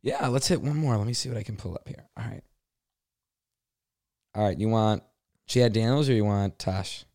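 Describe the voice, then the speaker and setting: A man's voice: lowish voice, normal speed, long pauses, darkish tone, no room sound, clean studio sound. A man hosting a casual chat, introducing comedy clips and swearing casually. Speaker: podcast host playing comedy clips.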